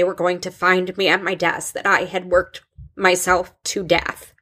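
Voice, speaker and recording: A woman in her thirties, a school counselor hosting a podcast, talking in a halting, open way with many restarts. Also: on the low side, level tone, fairly bright tone. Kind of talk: casual podcast conversation.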